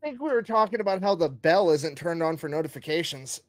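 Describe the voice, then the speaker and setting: A man's voice: on the high side, expressive, fast talker, soft background music. A man as a guest on a casual stream, teasing the host in a dry, amused way. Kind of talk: casual chat.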